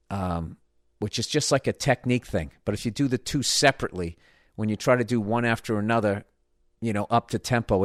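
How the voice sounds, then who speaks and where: A man with a fairly low voice tells a story on his podcast in a loose, swearing, self-mocking rant. The close mic gives a dry sound with no room echo. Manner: profane, ranting, self-mocking. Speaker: podcast host. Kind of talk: casual storytelling monologue.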